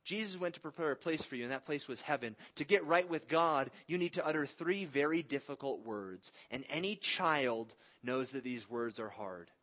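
A man's voice: mid-range voice, animated, normal speed, few pauses, a bit bright. A man in his thirties preaching a sermon in an earnest, conversational way, mixing in stories about his family. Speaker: pastor.

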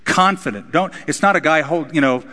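A man's voice: fairly high pitch, brisk, sharp tone. A man preaching a sermon, his voice rising and dropping for emphasis. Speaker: pastor. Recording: hall reverb.

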